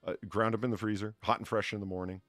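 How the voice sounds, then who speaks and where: A man's voice: fairly low pitch, flat delivery, fast, a bit bright, no echo, soft background music. A man hosting a casual podcast, reading out donations, often laughing and repeating words. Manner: laughing, stammering restarts. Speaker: podcast host.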